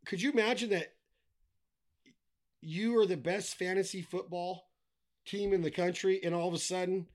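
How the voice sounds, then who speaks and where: A middle-aged man with a slightly high-pitched voice chats casually as a podcast guest. He is blunt and swears freely. He rants with wry humor. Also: fairly even intonation, normal speed. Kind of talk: casual chat.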